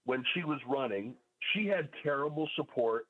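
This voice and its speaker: A man's voice: mid-range voice, lively intonation, normal speed. A man calling into a radio talk show, laying out his points methodically with frequent fillers. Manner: methodical, lays out points in order, with many fillers. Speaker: caller. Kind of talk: call-in radio commentary. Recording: phone-line caller audio.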